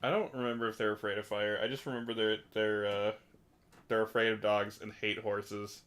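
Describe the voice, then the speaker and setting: A man playing a tabletop game, excitable and laughing. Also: fairly low pitch, brisk, slight background noise. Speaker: player. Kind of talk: casual game chat.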